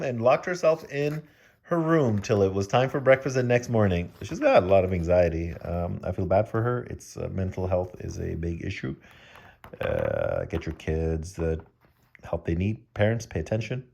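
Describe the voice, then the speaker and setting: A man's voice: lowish voice, gravelly, a little mellow. A man reading a children's picture book aloud, breaking off for joking asides to the kids listening. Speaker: children's story reader.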